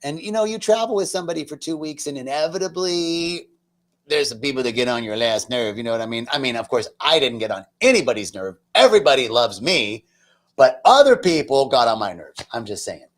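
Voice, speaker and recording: A man of middle pitch speaks with deep feeling, sliding from hushed, near-whispered passages to loud, fervent lines. He talks casually and chattily, breaking in with self-mocking asides. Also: big pitch swings, a little fast. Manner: earnest and emotional, dropping to near-whispers then rising loud. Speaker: spiritual talk host. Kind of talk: personal spiritual storytelling talk.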